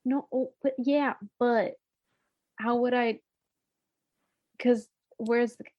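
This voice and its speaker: Woman, podcast co-host, casual chatty talk, animated, muffled lo-fi sound. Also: fairly high pitch, slow. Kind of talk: casual chat.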